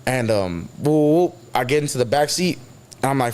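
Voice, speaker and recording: A man's voice: mid-range voice, lively intonation, fairly quick, a little mellow, clear, resonant tone. Man, casual storytelling, swears a lot, acts out quotes. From San Diego. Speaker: guest.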